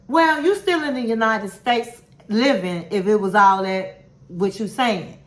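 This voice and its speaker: A woman's voice: medium pitch, unhurried. A woman hosting a casual reality TV recap, giving candid, sassy opinions and calling her viewers honey and girl. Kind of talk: casual commentary. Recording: roomy echo.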